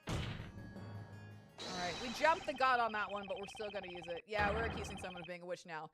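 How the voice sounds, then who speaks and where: A woman streaming a game, reading its dialogue aloud in character and adding quick playful asides. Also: mid-range voice. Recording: game music behind.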